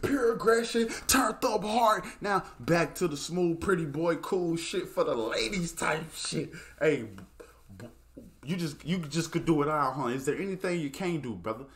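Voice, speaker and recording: A man hosting a music reaction video, talking excitedly, exclaiming often and swearing freely. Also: fairly high pitch, normal speed.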